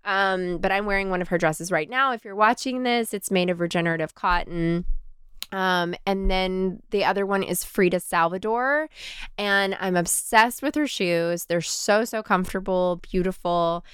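A woman co-hosting a podcast, gushing with enthusiasm over gift picks and filling pauses with frequent ums. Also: medium pitch, a bit bright, clean tone, dry recording, clean studio sound. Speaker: podcast co-host. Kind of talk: casual chat recommending gifts.

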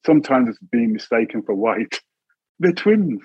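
A man in his sixties from England, an interview guest telling family stories in a relaxed way, chuckling often and acting out voices. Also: medium pitch, unhurried, husky, dry recording. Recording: tinny phone-like line.

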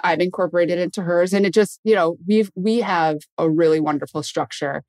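A woman's voice: on the low side, a little fast, darkish tone, no echo. Woman from michigan chatting openly, drops a swear now and then, dry close mic. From Michigan, USA. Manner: candid, swears casually, acts out quoted voices. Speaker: guest. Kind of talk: casual storytelling interview.

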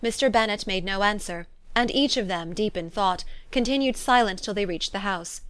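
A woman's voice: medium pitch, normal speed, a bit bright, clean tone. Woman narrating a classic novel. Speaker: audiobook narrator.

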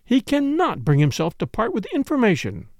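A man's voice: very high-pitched, huge pitch swings, moderate pace, creaky, darkish tone, no echo, studio quality, voice pushed up, exaggerated voice. A man voicing a bossy, opinionated middle-aged woman who lectures everyone in an insistent, scolding way. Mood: impatient.

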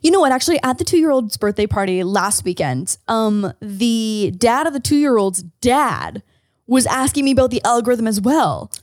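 A woman's voice: fairly high pitch, moderate pace, no room sound, clean studio sound. A young woman, co-hosting a podcast in casual chat and telling stories with lots of fillers. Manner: animated storyteller, many fillers. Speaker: podcast co-host.

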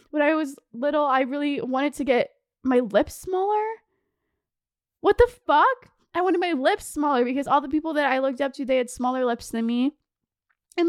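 A woman's voice: sits high, dry recording, studio quality. A young woman in her twenties hosting a podcast, ranting casually with lots of fillers and swearing, getting emotional. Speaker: podcast host. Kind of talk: casual rant.

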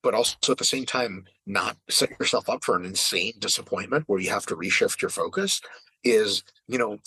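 Animated, husky-voiced man talking casually. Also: on the low side, moderate pace, no echo, rough recording. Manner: animated, swearing, mimics other people. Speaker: podcast host. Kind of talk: casual podcast conversation.

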